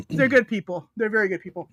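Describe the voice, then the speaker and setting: A woman's voice: mid-range voice, fairly quick, fairly bright tone, dry recording. A woman hosting a livestream, telling stories in a casual chat, laughing often and acting out the quoted people. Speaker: livestream host.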